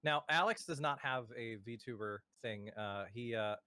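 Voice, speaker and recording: A man's voice: mid-range voice, a little slow, bright, forceful tone, no room sound, clean studio sound. Rambling young man hosting a podcast. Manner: rambling, many fillers and restarts. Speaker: podcast host. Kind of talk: casual chat. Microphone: home mic over a voice call.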